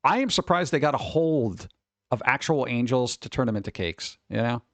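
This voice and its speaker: A man's voice: medium pitch, lively intonation, moderate pace, no room sound. A man streaming live, reading holidays aloud and cracking jokes in a casual, playful way. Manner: joking, playful, riffing.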